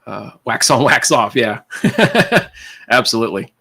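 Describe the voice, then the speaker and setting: A man's voice: medium pitch, very animated, measured pace, gravelly, pushed and bright, breathy edge. Rambling, laid-back man chatting on a stream. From California. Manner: rambling, laughs often, calls people man and dude. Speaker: livestream host. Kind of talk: casual chat with viewers.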